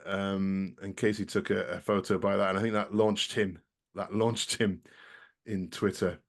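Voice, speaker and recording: A man's voice: deep voice, level tone, normal speed. A man appearing as a podcast guest, chatting casually and rambling with a self-deprecating, apologetic manner.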